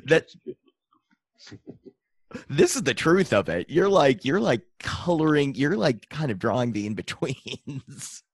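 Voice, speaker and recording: A man's voice: medium pitch, big pitch swings, takes it slowly, pauses often, slightly rough, dry recording, clean studio sound. A man hosting a podcast, rambling and laughing as he asks questions. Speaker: podcast host. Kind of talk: casual interview.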